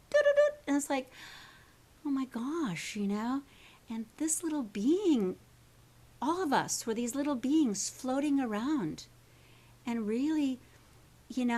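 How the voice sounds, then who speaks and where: A woman's voice: fairly high pitch, darkish tone. Chatty woman coaching a workshop. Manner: chatty, rambling, checks in with "right?". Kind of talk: teaching a live workshop group.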